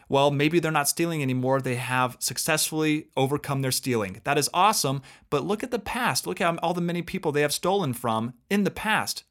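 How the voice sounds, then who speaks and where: A man co-hosts a casual advice talk with an earnest, emphatic delivery. His voice sits a little high for a man, and he drives each point home like a lecture. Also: a bit bright. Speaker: co-host.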